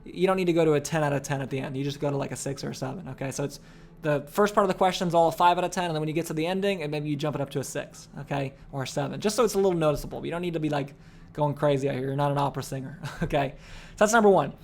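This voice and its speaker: A man's voice: on the high side, very fast, creaky. A young man giving a casual sales training talk, rambling with lots of fillers and frequent "okay?" check-ins. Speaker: course instructor.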